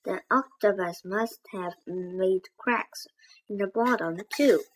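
A woman voicing an eager, bold young girl in a read-aloud storybook, slightly raised and lively. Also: mid-range voice, slow, low-quality recording.

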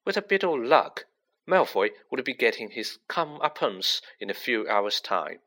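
A man narrating a children's fantasy novel as an expressive audiobook reading. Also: mid-range voice, unhurried. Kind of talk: scripted storybook narration.

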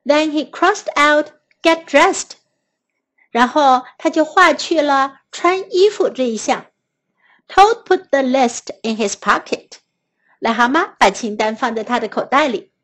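A woman with a Mandarin Chinese accent reading a children's story aloud in two languages, slow, clear and patient. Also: high voice, animated, a bit bright.

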